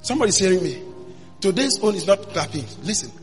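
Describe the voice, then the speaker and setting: A man, a pastor telling his story in a sermon, dropping to a hush and then bursting into shouts. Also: sits high, very animated, quick pace. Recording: long hall reverb with faint music.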